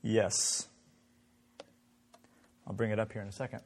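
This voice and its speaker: A man's voice: fairly low pitch, moderate pace, pauses often, darkish tone, in a large hall, slight background noise. A man leading an interactive Bible class, asking the group many questions in a conversational way. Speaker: Bible study teacher.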